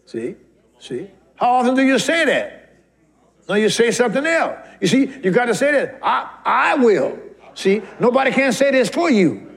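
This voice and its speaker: A man preaching a sermon, fervently reading and shouting scripture lines. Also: extremely high pitch, very animated, normal speed, creaky. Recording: live church crowd behind.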